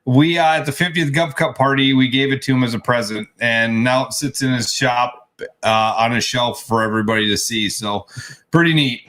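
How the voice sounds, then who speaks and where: A man's voice: mid-range voice, steady tone, normal speed, a bit bright. A man co-hosting a casual chat, telling a story in a rambling way with many restarts. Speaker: co-host.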